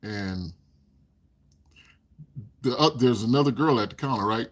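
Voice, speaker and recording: A man's voice: medium pitch, unhurried. A man casually telling stories on a live stream, chuckling often and acting out other people's lines. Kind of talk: casual storytelling.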